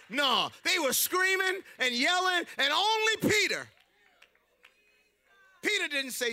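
Man, preacher, sermon, call-and-response, shifts from soft to shouting, bright forceful tone. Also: extremely high pitch, big pitch swings, measured pace, pauses often.

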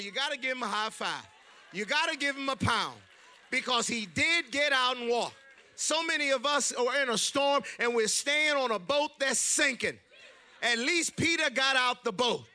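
A male preacher delivering a rousing call-and-response sermon, swinging from quiet to shouting. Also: very high-pitched, lively intonation, moderate pace.

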